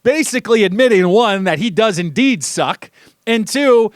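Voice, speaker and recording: Brief: young male sports radio host, high-pitched, animated, mocking, dry studio sound. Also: measured pace, no room sound. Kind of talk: casual sports talk monologue.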